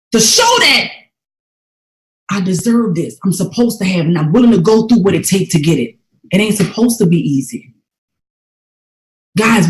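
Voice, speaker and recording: Emphatic woman testifying, echoey room. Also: medium pitch. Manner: emphatic, preacher-like, swings from hushed to loud. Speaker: motivational speaker. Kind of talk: testimony-style motivational talk.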